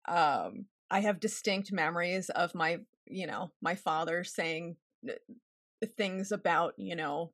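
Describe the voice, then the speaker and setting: A woman's voice: fairly low pitch, measured pace, a bit bright, dry recording, studio quality. A woman in her forties, a therapist guest in a casual interview, talking candidly and wryly and laughing often. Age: 40s.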